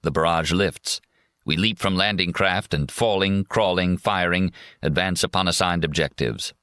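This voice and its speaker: A man reading a memoir audiobook in a measured, steady first-person narration. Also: low voice, clear, resonant tone, dry recording, studio quality. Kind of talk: scripted narration.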